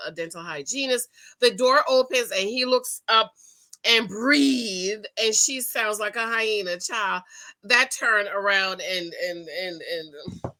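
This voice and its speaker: A woman casually recapping a reality TV episode, chatty and emphatic, talking straight to her viewers and breaking into excited outcries. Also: medium pitch. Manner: bursts into excited loud outcries. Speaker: TV show recap host.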